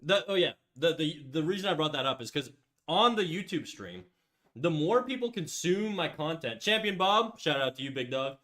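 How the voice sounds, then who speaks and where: A man's voice: on the high side, sing-song, normal speed, pushed and bright. A man hosting a casual livestream while drawing. He rambles and restarts, says "like" often, swears freely, and reads out and answers chat messages. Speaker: livestream host.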